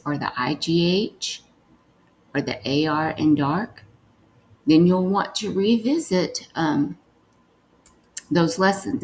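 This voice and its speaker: Young woman reading teacher, slow careful dictation, lowish voice. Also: low-quality recording. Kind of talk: recorded phonics lesson.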